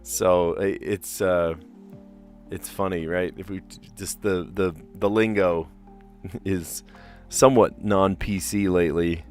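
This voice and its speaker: A man's voice: low voice, fairly even intonation, slow, faint music behind. A man chatting casually on a live stream while he plays word puzzles, rambling and laughing often. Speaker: teacher.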